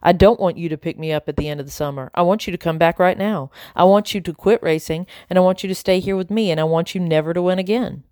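A woman's voice: fairly low pitch, quick pace, few pauses, no echo, natural voice. Woman voicing a distraught young boy, storybook, pleading, raised voice, dry close audio. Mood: upset. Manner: pleading, rising to shouting. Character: upset young boy confronting his father.

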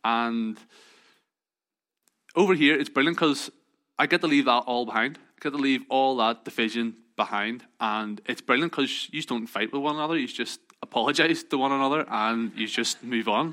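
A man's voice: mid-range voice, moderate pace, sharp tone. A man with a Northern Irish accent telling chatty, joking anecdotes to a group in a casual, self-deprecating way. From Northern Ireland. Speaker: speaker addressing a group.

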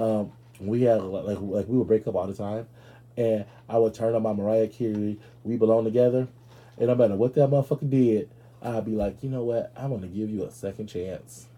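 A man hosting a podcast in a casual comedic monologue. He is brash and profane, talks straight to his listeners, and jumps into loud, high-pitched outbursts. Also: husky. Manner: addresses listeners directly. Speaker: podcast host.

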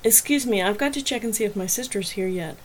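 A woman voicing an adult heroine who speaks quietly and with feeling in an audiobook. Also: medium pitch, fast talker, slight background noise, close to an everyday voice, rough recording. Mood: heartfelt. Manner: quiet and heartfelt.

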